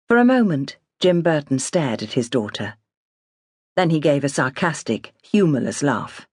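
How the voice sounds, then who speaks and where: A woman narrating an unabridged novel in a steady, even storytelling manner. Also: low voice, normal speed, breathy edge, no room sound, studio quality. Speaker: audiobook narrator. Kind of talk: scripted narration.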